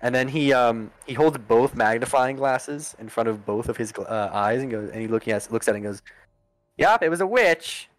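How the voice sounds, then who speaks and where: A man's voice: mid-range voice, level tone, a little fast, few pauses, no echo, rough recording. A man narrating a tabletop game as game master, casual and rambling with lots of fillers.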